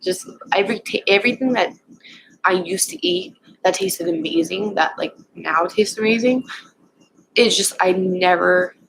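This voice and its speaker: A young woman vlogger casually telling a personal story at home, rambling and halting with lots of fillers. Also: mid-range voice, creaky, background noise.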